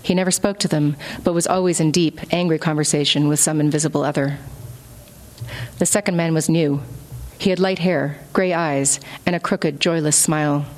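A woman author reading from her novel at a live event, then answering audience questions in a relaxed way. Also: deep voice. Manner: measured narration, relaxed with fillers in answers.

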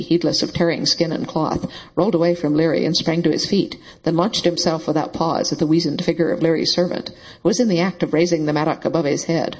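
A man narrating a novel in a steady, even storytelling voice. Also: fairly high pitch, husky, poor audio. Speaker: audiobook narrator. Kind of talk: scripted narration.

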